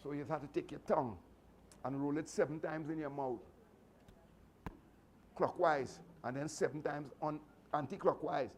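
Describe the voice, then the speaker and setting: A martial arts instructor with a lilt speaks to his students in a fairly high voice. He talks earnestly and in a fatherly way, circling back and repeating himself. A faint hum of noise sits under his words. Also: steady tone, moderate pace, pauses often. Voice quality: repetitive, earnest, with frequent restarts. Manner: fatherly advice giving. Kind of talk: motivational speech to students.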